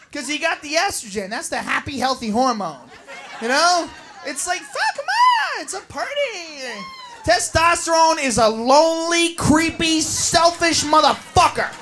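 Brief: woman comic, very high and animated voice, brash and profane, crowd faintly audible. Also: background noise. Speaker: stand-up comedian. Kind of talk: stand-up routine.

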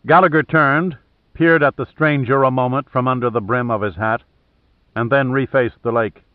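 A man's voice: mid-range voice, steady tone, moderate pace, no echo, phone-quality sound. Man narrating an audiobook, phone-thin. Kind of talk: scripted narration.

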